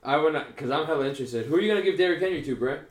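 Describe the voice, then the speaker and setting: A man's voice: on the high side, animated, very fast, roomy sound, slight background noise. A man co-hosting a podcast in casual, slangy chat, calling his friends bro. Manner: slangy, laid-back, says bro a lot. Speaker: podcast co-host.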